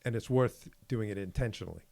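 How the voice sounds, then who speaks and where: Man, podcast co-host, casual chat, lowish voice, dry close mic, acts out dialogue in stories. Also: quick pace, creaky, no room sound. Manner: animated storyteller who acts out quoted exchanges.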